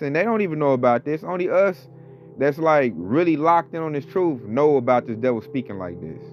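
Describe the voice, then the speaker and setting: A man's voice: mid-range voice, highs cut off. A man co-hosting casual religious commentary in a blunt, rambling, slangy way. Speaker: co-host.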